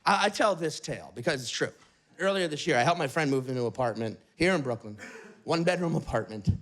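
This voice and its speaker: A man doing a profane, animated stand-up set in an apartment. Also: a little high, quick pace. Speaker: stand-up comedian. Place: apartment with live audience. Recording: live apartment crowd. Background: small audience laughing.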